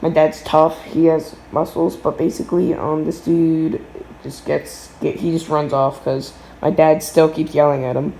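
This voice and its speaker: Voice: medium pitch, level tone, unhurried, creaky, warm tone, a little hiss or hum. Teen rambling thru a storytime vlog, lots of likes and restarts, echoey basement. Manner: rambling, filler-heavy with frequent restarts. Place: home basement.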